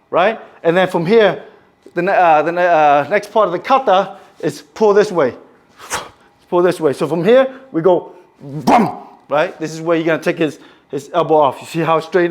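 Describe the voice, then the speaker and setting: Male martial arts instructor, slightly high voice, explains moves step by step, adds strike noises. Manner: instructive, checks in with "okay?", sound effects for strikes. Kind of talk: demonstrating kata applications.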